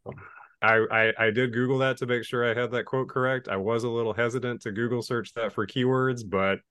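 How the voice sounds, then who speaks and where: A man's voice: medium pitch, steady tone, fairly quick, fairly bright tone, no echo. A man co-hosting a podcast, chatting about a film in a wry, understated way. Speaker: podcast co-host. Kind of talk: casual film discussion.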